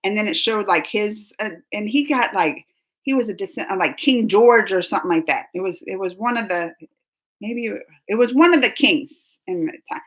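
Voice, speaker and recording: A woman's voice: medium pitch, lively intonation, moderate pace. A young woman hosting a casual live stream, chatting with viewers in a rambling way, laughing often and restarting her sentences. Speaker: reaction channel host reading live chat.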